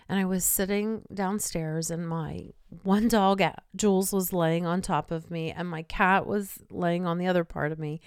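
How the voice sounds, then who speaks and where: Woman storyteller with a low, dry voice. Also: clean tone, dry recording. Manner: chatty, laughs between stories. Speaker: podcast host and intuitive medium. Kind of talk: personal storytelling monologue.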